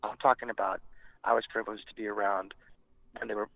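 Talking fast in a lowish, creaky voice, this Montebello-born rock frontman spins stories as an interview guest. He acts out what others said and swears casually, and the dry recording sounds narrow and tinny.

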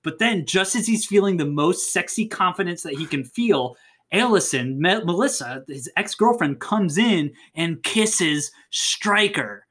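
A storyteller in casual chat, pitching a comic movie script with animated energy and sometimes correcting themselves. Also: unhurried. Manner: animated, jumps into voices, self-correcting.

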